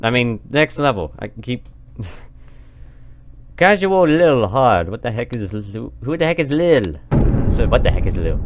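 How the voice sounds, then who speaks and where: Lively man doing gameplay commentary, pitch jumping all over as he chats and laughs at the game, recorded with a clear hiss of noise. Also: measured pace, pauses often. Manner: chatty, laughing, talks at the game. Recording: noisy compressed recording.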